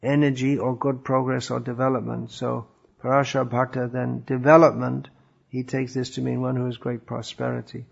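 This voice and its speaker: A man gives a scripture lecture in a gravelly voice, stopping often with thoughtful fillers. The recording is dull and lo-fi. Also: medium pitch, flat delivery, normal speed. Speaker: religious teacher.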